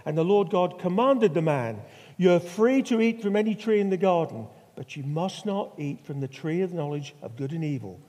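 A man's voice: sits high, animated, normal speed, dark tone. An older man from Norfolk, England, preaching a sermon with stories and rhetorical questions. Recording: long hall reverb.

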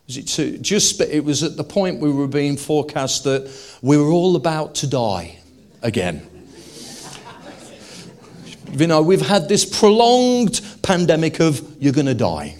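A man preaching a humorous sermon to a live congregation. He jokes and then builds to loud, emphatic declarations. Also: fairly high pitch, lively intonation, unhurried, long pauses.

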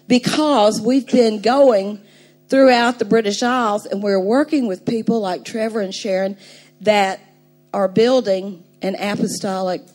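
An older woman preaching a sermon, telling a story with animated emphasis and laughing now and then. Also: mid-range voice.

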